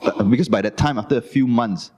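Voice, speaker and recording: A middle-aged Malaysian man with a Malaysian English accent, giving a Dhamma talk as an animated, self-mocking storyteller. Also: medium pitch, fast talker, big-room sound. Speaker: Dhamma speaker. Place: Buddhist society hall.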